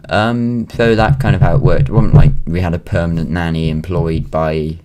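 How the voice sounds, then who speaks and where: Low-voiced British teen guy vlogging. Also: fairly even intonation, moderate pace, a little mellow. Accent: British English. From Wales. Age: late teens. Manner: rambling, with frequent ums and restarts. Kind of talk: casual rant-style vlog monologue. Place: at home.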